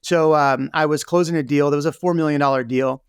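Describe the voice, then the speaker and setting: Guy with a gravelly edge, candid story, says "you know" a lot, dry close mic. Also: a little high, steady tone, fairly quick, no echo. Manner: candid, lots of fillers like "you know" and "right?". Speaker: real estate team leader, guest. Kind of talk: conversational interview storytelling.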